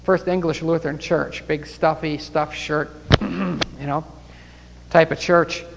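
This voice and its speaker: A man's voice: fairly high pitch, fairly even intonation, slow, vocal fry, long reverb tail, muffled recording, noisy background. A man preaching a Bible study sermon and leading a closing prayer, fervent and breaking into praise. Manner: fervent, rising to exclamations of praise.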